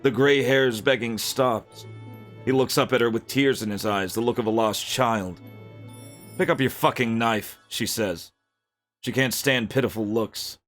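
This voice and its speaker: A man reading a dark, violent fantasy story aloud in an unhurried, gritty narration. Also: fairly low pitch.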